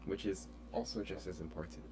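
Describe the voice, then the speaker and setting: A man teaching an online French lesson in a relaxed, chatty way with many fillers. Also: sits low, brisk.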